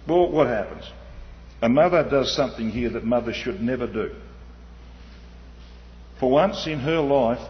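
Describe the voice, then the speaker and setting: A man preaching an animated sermon, swinging between loud emphasis and quiet asides. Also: mid-range voice. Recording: dull, muffled hall with long reverb.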